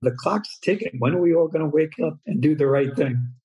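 A man being interviewed as a cartoonist guest, speaking in a soft, earnest way and often answering with a quiet "wow.". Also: a little high, a little fast, husky, muffled recording. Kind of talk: conversational interview.

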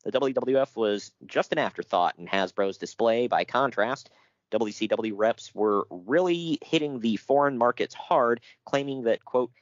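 A man's voice: mid-range voice, animated, measured pace, no echo, highs cut off. A man co-hosting a casual chat, reading out notes with jokes and frequent laughter. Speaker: podcast co-host.

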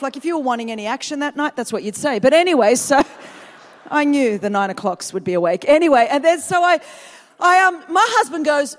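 A woman's voice: high-pitched, animated, brisk. A woman from Australia with an Australian accent, preaching a humorous sermon and chatting and joking with the congregation. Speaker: guest preacher. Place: large church auditorium. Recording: long reverb of a church hall.

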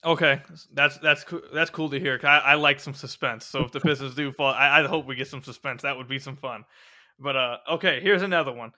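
A man hosting a casual sports podcast, talking fast and energetically and sometimes tripping over his words. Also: medium pitch, pushed and bright. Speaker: podcast host. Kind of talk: casual sports podcast chat and host-read ads.

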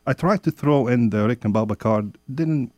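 A man's voice: medium pitch, normal speed, a little mellow, no echo, lo-fi sound. A man from Jordan, chatting as a radio guest in slightly broken English, often laughing. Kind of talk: casual radio chat.

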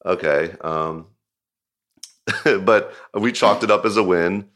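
A man with a deep, low voice tells a story in a casual interview. He rambles, with "like" scattered through every sentence, and laughs as he recounts the events. He directs music videos. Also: takes it slowly. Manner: rambling, filler-heavy storytelling with frequent "like"; animated, laughing retelling.

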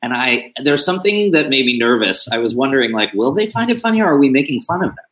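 A man's voice: mid-range voice, big pitch swings, fast talker, fairly bright tone. Director, man, chatty and musing, video call. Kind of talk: casual chat.

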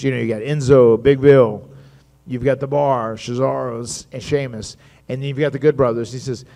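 At a live stage show, a man with a creaky, mid-range voice tells wrestling stories at a moderate pace. He's an animated storyteller, acting out other people's lines.

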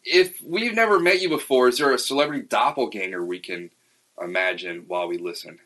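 A man's voice: mid-range voice, fairly quick, bright, forceful tone. A man hosting a podcast, talking over a remote call and asking chatty, friendly questions. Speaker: podcast host. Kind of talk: podcast interview. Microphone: remote call with some feedback.

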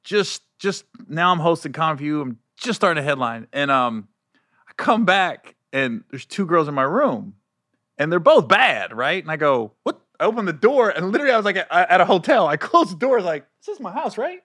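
A man's voice: fairly high pitch, moderate pace, dry recording, clean studio sound. A man, a comedian, chatting casually and acting out quotes from his own stories. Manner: animated, laughing, acts out quotes. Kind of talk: casual storytelling chat.

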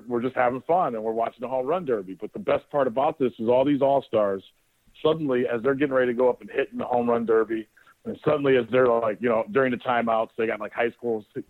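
A male sports radio host telling a casual, rambling story on air, sometimes swearing and often restarting his sentences. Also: medium pitch. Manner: rambling, profane, with frequent restarts. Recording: dry, narrowband phone-like audio.

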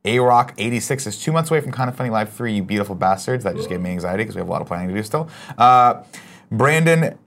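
A man's voice: lowish voice, expressive, fast, creaky, fairly bright tone. A man hosting a casual live show, reading viewer messages aloud with brash, profane jokes. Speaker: show host reading chat. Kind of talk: casual live-stream chat.

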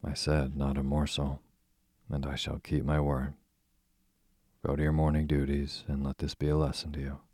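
A man voicing a playful boy who mimics his stern father, reading in a husky voice with a clipped, mock-stern manner. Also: a bass voice, completely flat delivery, normal speed, a little mellow, no echo.

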